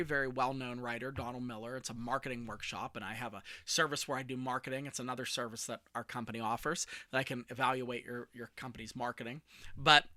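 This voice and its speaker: A man in his forties, a communication coach hosting his own podcast, talking solo with lively energy and self-deprecating jokes. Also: mid-range voice, no echo, studio quality.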